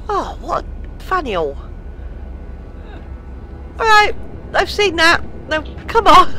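A British woman commentating casually on her own game, swearing and laughing at her mishaps. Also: high voice. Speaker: game streamer. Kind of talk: casual let's-play commentary.

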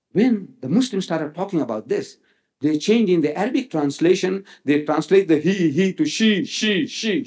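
A man's voice: fairly high pitch, a little mellow. A man giving a public religious lecture, emphatic, repeating phrases for effect and quoting scripture dramatically. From South Africa.

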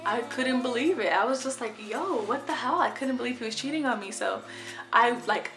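A young woman in a casual storytime vlog, chatty and animated, swearing freely. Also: fairly high pitch, brisk, echoey room, music in the background. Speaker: vlogger.

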